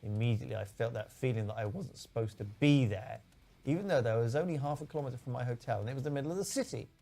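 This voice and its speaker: A man co-hosting a podcast in casual chat, reading listener stories aloud with quick, sweary asides. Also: mid-range voice, vocal fry, dark tone. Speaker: podcast co-host.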